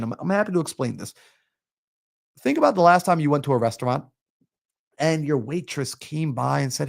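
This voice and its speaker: A man coaching on a live stream, energetic and preachy, acting out little everyday scenes. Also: a little high, fairly quick, vocal fry. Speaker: mindset coach. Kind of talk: motivational live-stream talk.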